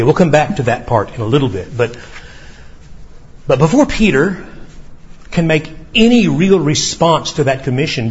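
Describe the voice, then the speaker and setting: In a church sanctuary, a pastor delivers a sermon in a husky, slightly high voice. He speaks earnestly, acting out quoted lines and tripping over quick restarts, and the recording sounds dull and lo-fi.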